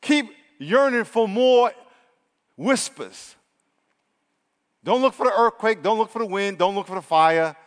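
Preacher, male, fairly high voice, energetic and swinging from loud to hushed, church hall reverb. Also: unhurried, pauses often. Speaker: pastor. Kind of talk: sermon.

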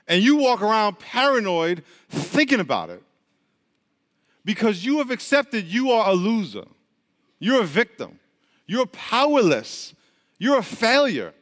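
A man's voice: sits high, big pitch swings, a little slow, a bit bright, big-room sound. A man preaching a sermon, telling stories and calling out to his congregation. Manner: storytelling with call-and-response to the congregation. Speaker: pastor.

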